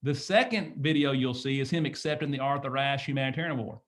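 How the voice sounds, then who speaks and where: A man's voice: mid-range voice, fast talker. A man in his fifties giving an emphatic, preachy motivational talk, often asking "guess what?". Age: 50s. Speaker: motivational speaker.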